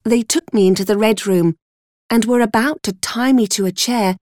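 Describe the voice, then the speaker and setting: A woman reading a story aloud in the first person, measured and deliberate. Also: on the high side, a little mellow, dry recording, clean studio sound. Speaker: audiobook reader.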